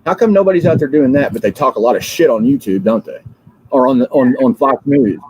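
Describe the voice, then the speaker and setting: Husky, drowsy man ranting on a livestream. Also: mid-range voice, lively intonation, a little mellow, rough recording. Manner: fiery, repetitive, halting with many fillers. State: drowsy, just woken up. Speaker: livestream host. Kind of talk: rambling political livestream rant.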